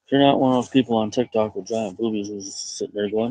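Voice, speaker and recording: A man live-streaming outdoors from his farmyard on a phone, rambling to viewers and talking softly to his goats. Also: lowish voice, fairly even intonation, fast talker, few pauses, no echo, low-quality recording. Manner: rambling, talks softly to animals. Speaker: livestreamer tending goats. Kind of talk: casual live-stream monologue.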